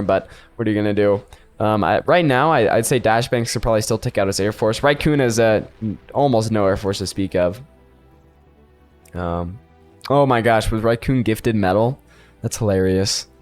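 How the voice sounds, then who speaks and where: A young man giving casual, rambling commentary on a strategy game replay, often chuckling to himself. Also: medium pitch. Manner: rambling, chuckling, self-amused. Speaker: game caster.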